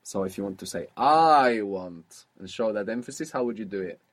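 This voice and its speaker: Brief: male language tutor, slightly husky, very animated intonation, patient prompting style. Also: fairly low pitch, moderate pace. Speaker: language teacher. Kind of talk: spoken language lesson.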